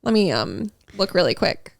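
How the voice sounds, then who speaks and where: A woman in her twenties co-hosting a podcast, ranting with animated exasperation and casual swearing. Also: fairly low pitch, normal speed, gravelly, no echo, clean studio sound. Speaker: podcast co-host. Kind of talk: casual chat.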